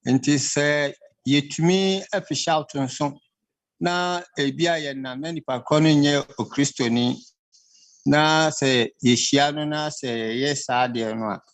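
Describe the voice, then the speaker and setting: Halting Ghanaian man asking questions. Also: fairly high pitch, no echo, low-quality recording. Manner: halting, switching between Twi and English. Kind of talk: call-in question on radio.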